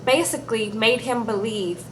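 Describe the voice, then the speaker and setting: A woman with a fairly high voice chats her way through a TV episode recap, sassy and animated, tagging "okay?" onto every other point. A faint hum sits under the recording. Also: normal speed, rough recording. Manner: chatty, animated, says "girl" and "okay?" often. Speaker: TV show recap reviewer.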